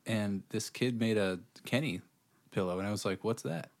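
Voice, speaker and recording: A man's voice: on the low side, fairly even intonation, normal speed. A young adult man co-hosting a podcast, chatting casually and throwing in jokes. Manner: joking interjections. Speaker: podcast co-host. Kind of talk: casual chat.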